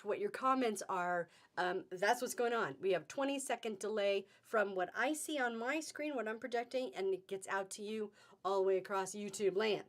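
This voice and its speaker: A woman's voice: medium pitch, moderate pace. A woman hosting a live-streamed fabric sale, chatting casually and upbeat, greeting viewers by name as she goes.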